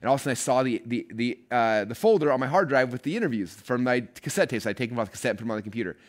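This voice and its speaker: A man telling a personal story to his viewers in a casual, lively way, acting out what he said back then. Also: medium pitch. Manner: fast, animated storyteller who acts out his own past lines. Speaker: online marketing speaker.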